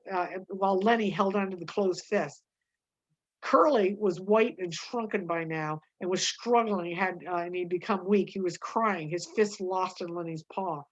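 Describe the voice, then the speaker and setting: A woman reading a novel aloud with her own comments, halting, with frequent fillers and self-corrections. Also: mid-range voice, muffled recording. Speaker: reader.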